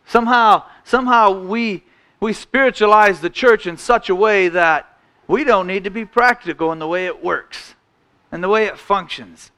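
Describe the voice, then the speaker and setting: A man preaching a sermon in a church, folksy, restarting phrases and often clearing his throat. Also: sits high, pushed and bright.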